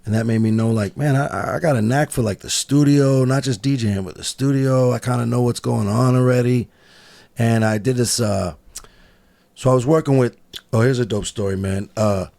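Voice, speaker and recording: A man's voice: medium pitch, moderate pace, vocal fry, mellow, dry recording. A man chatting casually in a laid-back way, telling stories about studio days. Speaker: guest. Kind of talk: casual chat.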